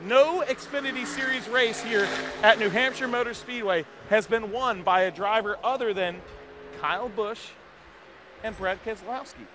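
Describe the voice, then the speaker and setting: A man hosting a live walk-around in an outdoor race garage, talking into a handheld mic in an energetic, rambling way. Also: high-pitched, moderate pace, noisy background. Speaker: garage reporter host. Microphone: handheld microphone.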